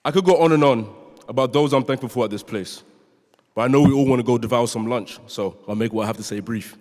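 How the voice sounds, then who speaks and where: A young man from London, born in Nigeria and speaking with a London accent, delivers an earnest prepared speech as a student speaker in a large chapel, sometimes joking with the audience. His voice is medium-pitched and darkish in tone, and he talks fast. The chapel hall gives a long reverb.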